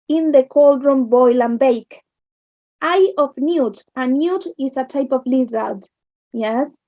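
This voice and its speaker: A woman with an Argentine accent teaching English literature, explaining slowly and checking understanding with "yes?". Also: high-pitched, no room sound. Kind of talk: recorded online lesson. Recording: dull lo-fi sound.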